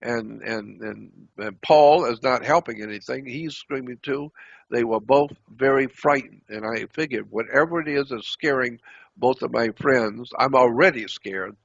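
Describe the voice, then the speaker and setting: A man host recounting a personal anecdote in a dramatic, repetitive way, halting often as he searches for words. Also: mid-range voice, creaky, fairly bright tone, slightly rough, dry recording. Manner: dramatic, repetitive storytelling with frequent halts. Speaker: channel host. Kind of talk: personal anecdote, told aloud. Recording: dull lo-fi recording.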